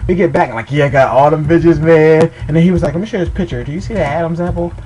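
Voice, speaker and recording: A man's voice: a little high, very fast, mellow, rough recording. A young man telling rambling, profane funny stories in a casual way, laughing along as he goes. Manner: rambling, swearing, laughing at his own stories. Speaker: storyteller. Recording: faint background noise.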